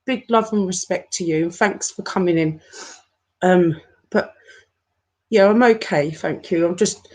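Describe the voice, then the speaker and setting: A woman in her forties, talking to her viewers in an upset, halting rant, often stopping and repeating herself. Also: fairly low pitch, a little mellow. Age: 40s. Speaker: YouTuber. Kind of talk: emotional live-stream rant.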